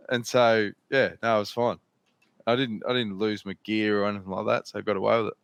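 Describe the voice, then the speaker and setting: A man's voice: lowish voice, flat delivery, fairly quick, gravelly, clear, resonant tone, dry recording. Australian man telling rambling yarns. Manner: swears freely, rambling anecdotes. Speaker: podcast host. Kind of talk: casual storytelling chat.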